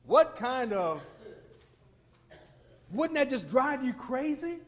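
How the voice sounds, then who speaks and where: A man preaching a sermon, retelling scripture with vivid, animated storytelling and frequent repetition. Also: extremely high pitch, slow pace.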